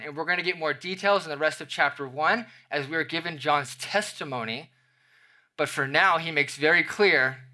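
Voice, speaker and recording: A young man preaches with a bright, forceful voice that sits a little high. He walks through scripture and slips into acted-out everyday scenes to make his point. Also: moderate pace. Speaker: pastor. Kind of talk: sermon.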